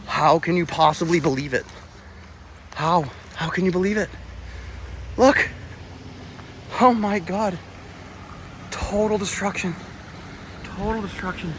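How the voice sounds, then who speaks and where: Male outdoor vlogger, slow drawn-out delivery, slightly high voice, awestruck and breathless, faint outdoor noise on a phone recording. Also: a bit bright. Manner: exclaiming, awestruck, swears, talks to viewers. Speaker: vlogger exploring old bridges. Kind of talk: walking vlog narration. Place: outdoors, walking in the woods. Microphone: phone camera.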